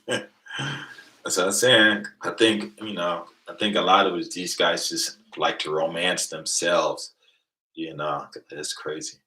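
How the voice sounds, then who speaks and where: Middle-aged male streamer with a low, bright-edged voice, profane and boastful, lurching from mumbles to loud bursts. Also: a little slow, low-quality recording. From Venice, California. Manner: animated, swings between low mutters and loud outbursts. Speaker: livestream host. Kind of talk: casual storytelling.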